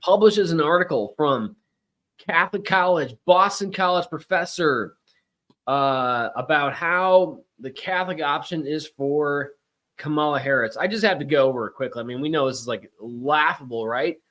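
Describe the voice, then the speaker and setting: A man's voice: a little high, moderate pace, fairly bright tone. A middle-aged man hosting a casual political talk show, chatty and emphatic with rambling asides. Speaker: podcast host.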